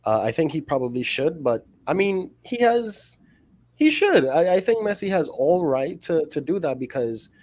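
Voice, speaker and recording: A man's voice: fairly high pitch, expressive, moderate pace, hardly any pauses, darkish tone, no echo. A man hosting a casual football podcast, talking in a rambling, heated way full of "like" and "you know". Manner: rambling, filler-heavy, heated. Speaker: podcast host. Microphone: podcast mic.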